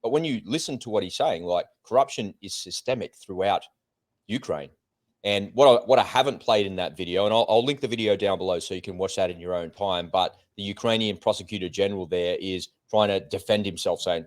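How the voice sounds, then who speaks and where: A man co-hosting a political talk show, talking in an animated, indignant way with quick asides. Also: fairly low pitch. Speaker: co-host. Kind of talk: political commentary chat.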